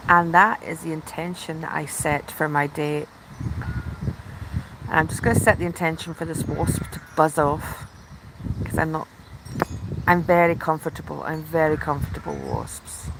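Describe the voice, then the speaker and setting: A woman hosting a casual live stream, chatting and gushing, sometimes dropping into excited whispers. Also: deep voice, moderate pace, gravelly, pauses often, noisy background. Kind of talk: casual live chat from the tub.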